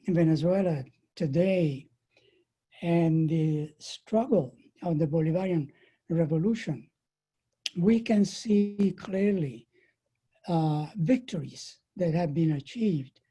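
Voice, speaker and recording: A woman giving a prepared political talk at an online webinar, measured and deliberate, pressing hard on key words. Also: lowish voice, warm tone, slightly rough, low-quality recording. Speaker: webinar speaker. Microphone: computer mic on a video call.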